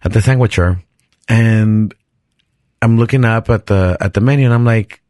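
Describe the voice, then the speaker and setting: Low-voiced chatty man telling a story. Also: moderate pace, dry recording, clean studio sound. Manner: animated, chatty, restarts sentences and laughs often. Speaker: podcast host. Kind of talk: casual storytelling.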